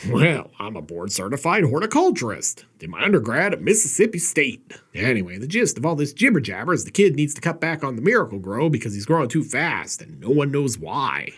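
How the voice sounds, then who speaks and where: A man with a husky edge to his voice delivers a sarcastic, wisecracking recap of an old horror film. His pitch swings widely as he jokes. He sounds like a host riffing his way through the plot. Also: very animated, a little fast, few pauses, fairly bright tone. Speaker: horror movie reviewer. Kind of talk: comedic movie recap commentary.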